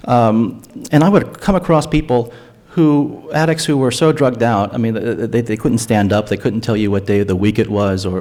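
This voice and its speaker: A man's voice: on the low side, a little mellow. A man speaking at a public forum on drug policy, earnest and argumentative, often restarting his phrases. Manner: earnest, argumentative, repeats words when restarting. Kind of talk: forum talk. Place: lecture hall.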